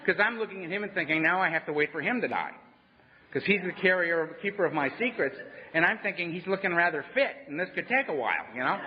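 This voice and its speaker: A man's voice: high-pitched, slight background noise. Wry storytelling man in echoing hall. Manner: storytelling, conversational, wry humor, asks "right?". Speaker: AA speaker. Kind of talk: personal recovery talk to a meeting. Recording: dull lo-fi sound in a reverberant hall.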